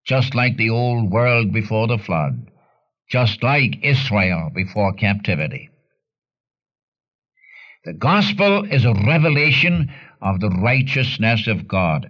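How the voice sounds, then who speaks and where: A man preaching a sermon in a blunt, earnest way, his voice jumping up sharply to stress a point. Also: muffled recording. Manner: earnest and blunt, with sudden rises in pitch for emphasis.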